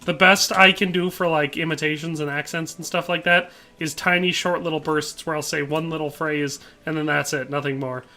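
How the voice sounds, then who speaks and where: Bright-voiced ranting game streamer man. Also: fairly high pitch, fairly even intonation, moderate pace, few pauses. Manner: ranting, exasperated, reads chat aloud. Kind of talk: casual gameplay commentary.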